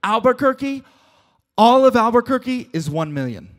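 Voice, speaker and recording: A man preaching a casual, joking sermon as a pastor, retelling a story with quick asides and playful voices for its characters. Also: very high voice, very animated.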